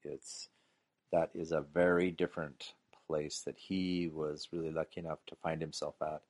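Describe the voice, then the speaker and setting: An interviewer speaking in a thoughtful, measured way, softly trailing off at the end of thoughts. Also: very deep voice, flat delivery. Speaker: interviewer, podcast host. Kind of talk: conversational interview.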